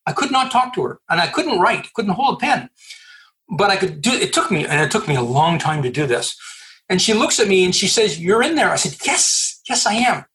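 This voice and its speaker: A middle-aged man from Canada, a guest in an interview, telling a story in an animated way, laughing and acting out the voices he quotes. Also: high voice, a little fast, poor audio. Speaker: guest, recruiter. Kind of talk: storytelling in a conversation.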